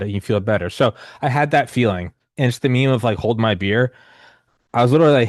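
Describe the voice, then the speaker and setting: A man's voice: medium pitch, fast talker, no room sound, studio quality. A man in his thirties telling a long personal story in casual conversation, rambling and profane with many restarts and fillers. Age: 30s.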